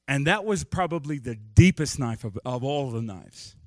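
A man's voice: mid-range voice, lively intonation, moderate pace, few pauses, no echo. Guy pastor preaching, telling his own story, jokey and self-deprecating, dry close sound. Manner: candid, self-deprecating, joking asides. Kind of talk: storytelling sermon.

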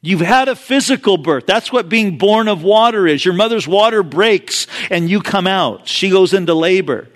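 A man preaching a sermon with a noticeably high voice. He talks in a relaxed, conversational way and drifts into asides as he tells stories. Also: moderate pace, few pauses. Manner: conversational storytelling with frequent asides. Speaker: pastor.

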